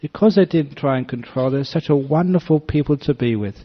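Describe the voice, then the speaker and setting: Older monk telling a story, acts out voices, a bit muffled lo-fi sound. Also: male voice, on the high side, fairly quick. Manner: animated storyteller, acts out voices, gentle humor. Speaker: Buddhist monk teacher. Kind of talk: dharma talk with storytelling. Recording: slightly dull lo-fi recording.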